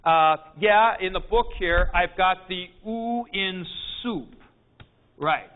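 A man teaching a Greek class, explaining pronunciation in a deliberate lecture and clearing his throat often. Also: high-pitched. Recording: tinny phone-like lo-fi recording.

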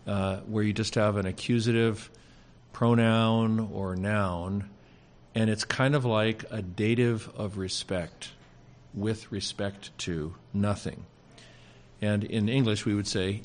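A man leading an informal Greek class at a seminary, pausing often with fillers and slipping in dry jokes. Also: lowish voice. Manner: dry joking, pauses with many fillers.

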